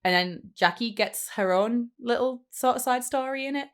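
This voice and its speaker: A woman's voice: fairly high pitch, normal speed. A woman co-hosting a podcast, chatting casually and filling her talk with "like". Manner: chatty, many "like" fillers, quotes scenes in little voices. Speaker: podcast co-host. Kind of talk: casual chat.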